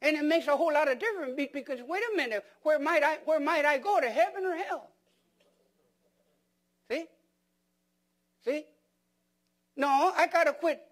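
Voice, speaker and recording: A man's voice: very high voice, normal speed, long pauses. A man preaching a sermon as pastor, firing rhetorical questions at the congregation and repeating words for emphasis.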